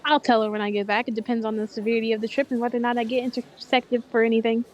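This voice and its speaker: A woman with a fairly high voice playing a tabletop game with friends. She talks casually and drily, quick to needle the others with wry comebacks. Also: flat delivery, lo-fi sound. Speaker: player.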